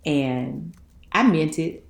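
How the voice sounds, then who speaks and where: A woman, telling her life story in an interview, folksy and animated, laughing often. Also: low-pitched, drawn-out words, creaky. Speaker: guest. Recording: echoey room.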